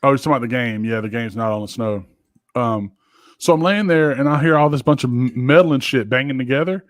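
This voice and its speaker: A man's voice: medium pitch, quick pace, no echo. A man co-hosting a podcast, telling a story in a rambling, profane way with lots of fillers. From Georgia, US. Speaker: podcast co-host. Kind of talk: casual chat.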